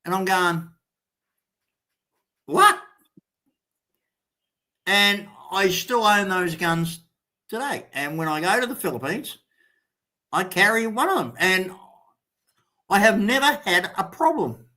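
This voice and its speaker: The host of this live stream is a man with a high-pitched voice and measured pace. He narrates a story casually and animatedly, voicing the other characters as he goes.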